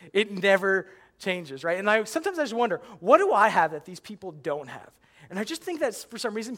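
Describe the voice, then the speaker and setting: A young man performing a stand-up comedy routine, telling animated stories and acting out his own reactions. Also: high voice. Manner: animated storytelling, acts out yelling at the screen.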